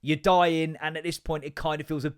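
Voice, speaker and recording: A man's voice: a little high, flat delivery, fairly quick, clean tone, no room sound, clean studio sound. A young man hosting a podcast, ranting casually and swearing a lot as he rambles between asides. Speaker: podcast host. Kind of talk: casual comedic rant.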